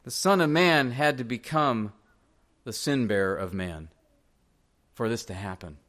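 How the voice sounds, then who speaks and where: A man's voice: medium pitch, measured pace, fairly bright tone. A male pastor preaching a sermon in a church, earnestly pressing direct questions on the congregation.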